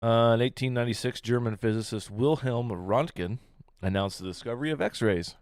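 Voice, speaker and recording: A man's voice: medium pitch, normal speed, darkish tone, no room sound, studio quality. A man co-hosting a casual podcast, reading history facts in a laid-back, crude way and laughing often. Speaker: podcast co-host.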